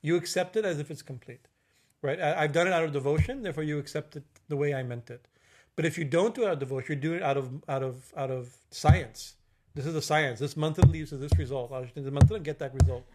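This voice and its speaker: Halting, chanting older-sounding swami. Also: male voice, a little high, a little mellow. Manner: halting, many fillers and restarts, tag questions; chants Sanskrit verses slowly. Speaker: swami giving a discourse. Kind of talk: religious discourse on worship. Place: temple.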